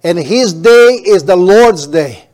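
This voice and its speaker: Emphatic male preacher, slightly high voice. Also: expressive, darkish tone. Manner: emphatic, drawn-out stresses, frequent restarts. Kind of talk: sermon.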